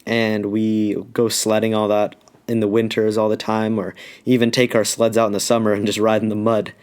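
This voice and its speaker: A man's voice: fairly low pitch, completely flat delivery, normal speed, a little mellow. A man from Alaska telling a childhood story in a casual, rambling, slangy way, full of "like". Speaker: YouTuber telling a life story.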